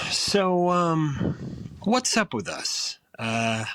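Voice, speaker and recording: A man voicing his own inner self calling in to his podcast, with a slow, hesitant drawl full of sighs and pauses. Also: fairly high pitch, very animated, a bit bright, slight background noise, pitched above the performer's own voice, exaggerated voice. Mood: probing.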